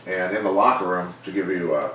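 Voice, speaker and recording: A middle-aged man, a former fighter turned coach, telling stories in a measured, plainspoken way during an interview. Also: deep voice, slight background noise. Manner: measured, plainspoken, animated when quoting others. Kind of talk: casual storytelling interview. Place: gym. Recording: echoey room, mic far off.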